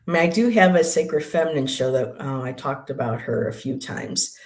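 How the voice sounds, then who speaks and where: Rambling spiritual chat in a roomy space. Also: mid-range voice. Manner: meandering, halting, with many asides. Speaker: livestream co-host, artist and poet. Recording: roomy echo.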